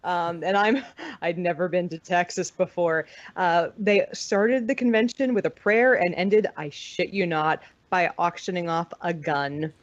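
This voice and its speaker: A woman's voice: lowish voice, a little slow, dry recording. An American woman chatting on a podcast, telling stories and dropping swear words as she acts out other people's lines. Her voice comes through dry and a little dull, with no room sound around it. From United States. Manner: chatty storyteller who swears freely and acts out quotes. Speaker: podcast guest. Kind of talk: casual chat.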